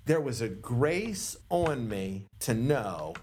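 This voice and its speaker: A man from Maryland, a pastor, telling his story in a casual podcast interview with lively, slangy delivery. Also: mid-range voice, slow pace, slight background noise. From Maryland, USA.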